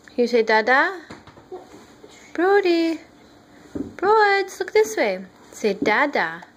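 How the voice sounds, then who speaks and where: A mother in a noisy home video, coaxing her baby to talk in a sing-song baby-talk voice and gently scolding him at home. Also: very high-pitched, very animated, takes it slowly.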